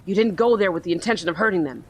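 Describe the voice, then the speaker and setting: A woman voicing a male detective from a video game, dropping her voice low and speaking calmly and soothingly. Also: very fast, natural voice. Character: steady male detective talking someone down. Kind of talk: reading game dialogue aloud.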